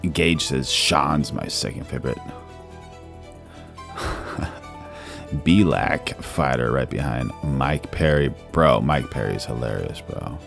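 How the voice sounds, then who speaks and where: A man with a very low, gravelly voice hosts a casual live stream. He chats loosely with viewers, reads their comments aloud and tosses "bro" into nearly every sentence. Faint music plays underneath. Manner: laid-back, calls everyone "bro", reads chat aloud.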